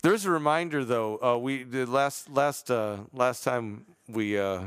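A man's voice: mid-range voice, a little slow, a bit bright, clear, resonant tone, no room sound, studio quality. A man co-hosting a podcast as a pastor, in casual joking chat, laughing often and trailing off mid-sentence.

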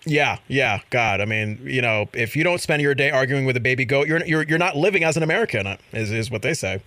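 Guy hosting a chat show, bouncy pitch, dry close studio sound, keeps laughing and doing little voices. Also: brisk, no echo. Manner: animated, laughing, acts out quotes. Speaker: show host. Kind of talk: casual chat about viral videos.

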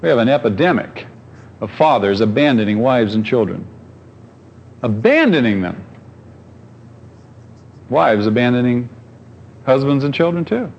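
A man's voice: mid-range voice, big pitch swings, measured pace, creaky, pauses often, a little mellow, lo-fi sound. A pastor preaching a conversational sermon, asking his congregation questions and telling stories.

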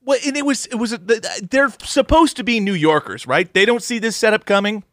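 A man's voice: sits high, animated, brisk, a bit bright, no room sound. A man in casual movie chat who makes dry jokes and sometimes loses his train of thought.

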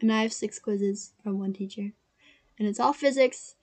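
A woman's voice: mid-range voice, moderate pace, darkish tone. A young woman co-hosting a casual podcast, rambling with lots of fillers and giggles. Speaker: podcast co-host. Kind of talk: casual chat.

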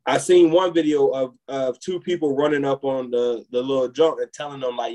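A man co-hosting a podcast who talks at a middling pitch in a loose, rambling way. He piles up filler words as he tells a story to his friends. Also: fairly even intonation, moderate pace, warm tone, rough recording. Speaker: podcast co-host. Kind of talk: casual chat.

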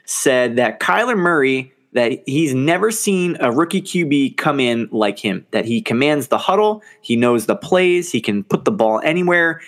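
A man co-hosting a sports podcast in casual, animated chat, laughing often and swearing now and then. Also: medium pitch. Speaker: podcast co-host.

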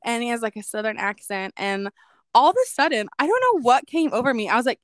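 A young woman co-hosting a podcast shares a personal story in a casual, chatty and reflective way, saying "like" constantly. Her voice is on the high side and expressive, and she talks fast. There is no room sound.

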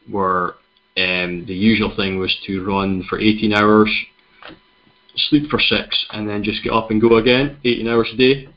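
Scottish guy hosting a running podcast, laid back and rambly, lower voice, kinda muffled lo-fi sound. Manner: relaxed, chatty, many fillers. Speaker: podcast host. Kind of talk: casual chat, storytelling. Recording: dull lo-fi recording.

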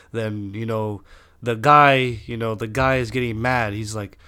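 A man's voice: on the low side, level tone, normal speed, pushed and bright, clear, resonant tone. Profane young man rambling. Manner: rambling, heavy swearing, frequent restarts. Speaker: storyteller. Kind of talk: casual storytelling.

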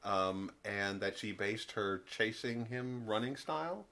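A man's voice: on the low side, animated, unhurried, bright, forceful tone. A man co-hosting a podcast, chatting casually about a TV episode, laughing often and acting out the characters' lines. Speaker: podcast co-host. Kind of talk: casual chat recapping a TV show.

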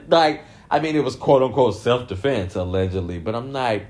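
A man's voice: mid-range voice, normal speed, few pauses, a little hiss or hum. A man giving casual commentary, swearing freely and breaking into laughter often as he talks. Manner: laughs often, profane, animated. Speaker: commentary vlogger.

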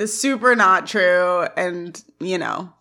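A woman's voice: on the low side, takes it slowly, pushed and bright. A young woman co-hosting a podcast, recapping scenes in casual chat, giggling and acting out the quotes. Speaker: podcast co-host.

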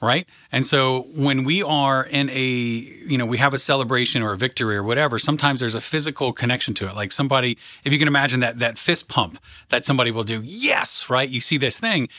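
A man's voice: mid-range voice, fast talker, few pauses, sharp tone, no room sound, studio quality. A man, a podcast co-host and mindset coach, explaining ideas earnestly and stacking phrases for emphasis, often checking in with "right?". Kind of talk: motivational coaching talk.

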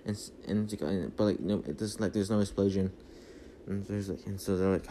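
A man's voice: sits low, fairly quick, warm tone, a little hiss or hum. Rambling man recapping a movie. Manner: rambling, lots of fillers and restarts. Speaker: podcast host. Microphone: phone.

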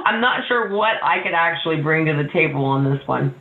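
A woman's voice: deep voice, animated, a little fast. A woman who owns an insurance agency, talking candidly on a panel in a giggly, self-deprecating way over a video call. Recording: tinny echoey call audio.

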